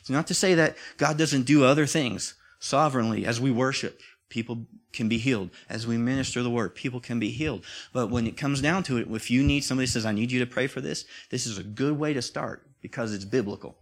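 A man's voice: medium pitch, fairly quick. A man preaching a sermon in a conversational way, often repeating himself and rising to emphatic peaks.

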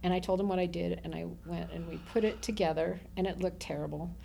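Middle-aged woman interview guest, slightly gravelly, lively anecdotes. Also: lowish voice, fast talker, slight background noise. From Southern Nevada. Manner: animated storyteller who laughs often. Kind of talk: casual storytelling.

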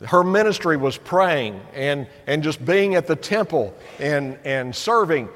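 Earnest Tennessee preacher in a reverberant sanctuary. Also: male voice, on the high side, animated, fairly bright tone. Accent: East Tennessee. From East Tennessee. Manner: earnest and encouraging, with quick bursts and slow emphatic phrases. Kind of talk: sermon. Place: church sanctuary.

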